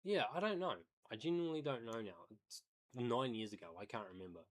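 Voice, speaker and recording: A man's voice: medium pitch, very animated, fast. A man who day trades, livestreaming and thinking aloud as he comments on a video, hedging and explaining as he goes.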